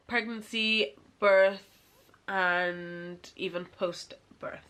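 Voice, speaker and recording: A woman's voice: medium pitch, fairly even intonation, unhurried, pushed and bright. A woman chatting casually to camera as a vlogger, rambling and laughing often.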